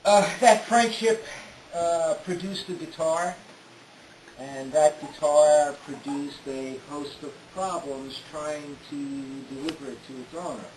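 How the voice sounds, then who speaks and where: A man telling a detailed first-person story in an unhurried way, often pausing on "uh". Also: on the high side, fairly even intonation, a little mellow. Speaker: storyteller recounting a trip. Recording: roomy with faint hiss.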